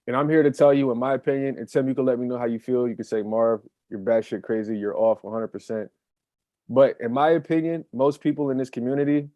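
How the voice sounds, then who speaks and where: A man's voice: mid-range voice, darkish tone, no room sound. A man co-hosting a casual chat as a manifestation coach, speaking emphatically and repeating key phrases for effect.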